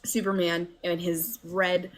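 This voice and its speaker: A woman chatting on a livestream, animated and nerdy, swearing as she rants. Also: lowish voice, slow pace. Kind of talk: casual livestream chat.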